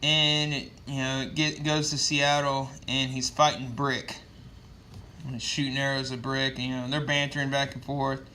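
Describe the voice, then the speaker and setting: A man's voice: medium pitch, level tone, normal speed, bright, forceful tone, a little hiss or hum. A man casually recapping a comic book issue with loose, profane storytelling and lots of fillers.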